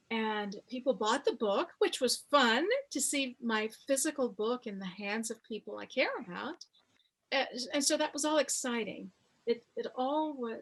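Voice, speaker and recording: Woman in her 50s, kinda husky, high-ish voice, telling a story real slow over a video call. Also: fairly bright tone. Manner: slow, reflective storytelling with many pauses. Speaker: author interviewed about her memoir. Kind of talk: storytelling interview.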